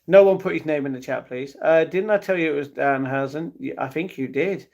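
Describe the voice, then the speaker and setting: A man's voice: a little high, brisk, vocal fry, a little mellow. A man chatting casually on his live stream, answering viewers' messages and talking to his pets between replies.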